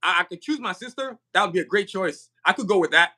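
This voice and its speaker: A man talks in a lively podcast chat. His voice sits high for a man and sounds bright and forceful. He hammers his points home with repeats and quick laughs. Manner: animated, emphatic, laughs often, repeats words. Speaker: podcast guest. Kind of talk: casual podcast conversation.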